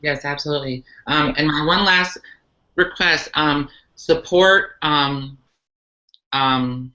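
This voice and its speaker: A woman's voice: low voice, takes it slowly, sharp tone. A woman, a transgender activist, answering questions earnestly in a live online talk, with many ums and restarts. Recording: muffled lo-fi livestream audio.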